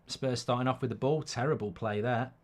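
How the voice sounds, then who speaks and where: A man's voice: medium pitch, fairly quick. A middle-aged man, hosting a football watchalong in a rambling, sweary, casual live-stream chat.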